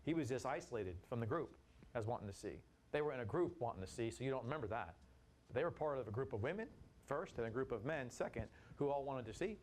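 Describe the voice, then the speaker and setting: A man leading a Bible study, teaching in a lively, casual way and acting out the people in the story. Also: medium pitch, fast talker, slight background noise. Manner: animated, acts out voices of people in the story, casual slang.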